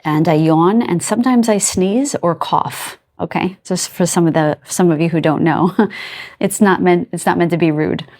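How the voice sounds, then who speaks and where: A woman giving a casual card reading to her viewers, gentle and affectionate, laughing softly as she rambles and restarts her sentences. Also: fairly low pitch, moderate pace. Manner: loose and rambling, trailing off and restarting. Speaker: tarot and oracle card reader.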